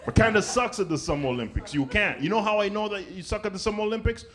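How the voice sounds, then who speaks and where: Animated man doing stand-up comedy. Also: high voice, fast, crowd noise. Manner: animated, conversational, keeps asking "right?" and "okay?".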